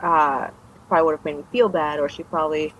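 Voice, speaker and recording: A woman's voice: deep voice, fairly even intonation, fast, a little hiss or hum. A woman guest telling her personal story in a casual interview, meandering with trailing restarts. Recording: dull lo-fi recording.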